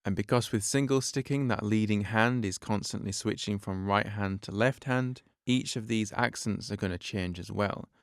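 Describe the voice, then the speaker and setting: A man's voice: lowish voice, moderate pace, hardly any pauses, no room sound, studio quality. A man teaching a drum lesson on his podcast, explaining patiently step by step and counting beats aloud.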